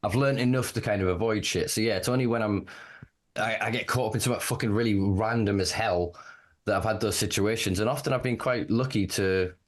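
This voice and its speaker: A man hosting a podcast, talking candidly in a casual, animated way and swearing freely. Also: lowish voice, brisk. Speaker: podcast host. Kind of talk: casual conversation.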